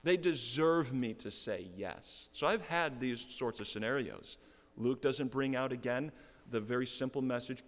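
A man's voice: mid-range voice, measured pace. A middle-aged man preaching a sermon, explaining a text earnestly and repeating key phrases for emphasis. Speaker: pastor. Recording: long reverb of a hall.

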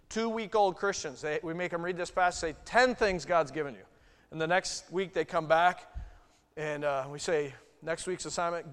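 A male pastor preaching a sermon, swinging from loud bursts to hushed asides. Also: fairly high pitch. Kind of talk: sermon teaching. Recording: long hall reverb.

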